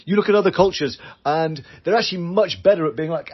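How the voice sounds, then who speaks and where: A man's voice: fairly high pitch, lively intonation, fast talker, husky, highs cut off. A British man hosting a solo business podcast, talking earnestly and acting out quoted voices. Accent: British English. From Britain. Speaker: podcast host. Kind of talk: solo podcast coaching talk.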